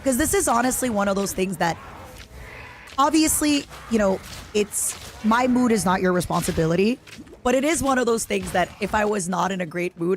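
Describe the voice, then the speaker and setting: A young woman with an Eastern European accent streams a game live, reacting excitably and chatting with viewers. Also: medium pitch, normal speed, faint music behind. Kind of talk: live gaming stream chat.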